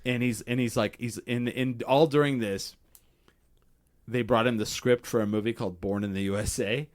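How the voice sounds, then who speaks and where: A man's voice: medium pitch, normal speed. A man hosting a casual podcast chat, telling stories with lots of swearing and acting out what people said. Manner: profane, animated storytelling acting out quotes. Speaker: podcast host.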